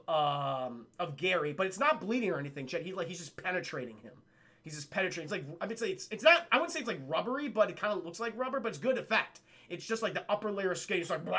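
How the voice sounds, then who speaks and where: A man recapping a film for his stream chat in a casual, excitable and profane way, often speaking to the chat directly. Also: on the high side. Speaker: livestream film reviewer.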